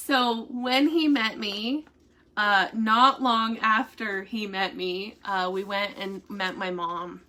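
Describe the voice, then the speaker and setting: Chatty woman with a bright, slow voice. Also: mid-range voice. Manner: chatty and rambling, with many fillers and restarts; laughs while telling a story. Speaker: vlogger giving family updates. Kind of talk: casual chat to viewers.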